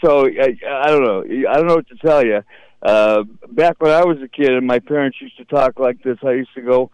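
A man's voice: medium pitch, a little fast, darkish tone, clear, resonant tone, dry recording, muffled recording. A man in his fifties hosting a sports radio show, speaking in an opinionated way and often repeating words. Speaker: radio host. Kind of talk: casual sports radio chat.

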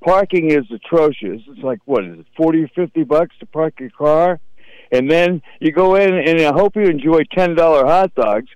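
A man's voice: fairly high pitch, moderate pace, a little mellow, dry recording, lo-fi sound. A man in his fifties hosting a sports radio show, speaking in an opinionated way and often repeating words. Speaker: radio host. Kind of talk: casual sports radio chat.

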